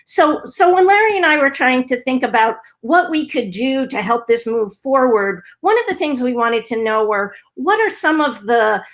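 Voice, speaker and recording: A woman's voice: sits high, animated, normal speed, few pauses. A woman speaking on a panel about tutoring research, explaining fluently with a few fillers. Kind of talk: panel discussion.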